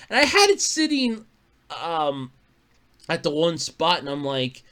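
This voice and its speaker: A man chats loosely as host of his own podcast and drifts from one story to the next. His voice is bright and forward. He swears offhandedly and chuckles often. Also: fairly high pitch, animated, measured pace, clear, resonant tone. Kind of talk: casual solo podcast chat.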